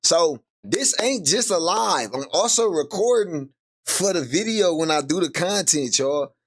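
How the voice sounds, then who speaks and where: A podcast host with a Bay Area accent reacts to a clip in casual live-stream commentary, speaking at a measured pace with lively pitch. He laughs often and stays loose and animated, sometimes rising into high squeals.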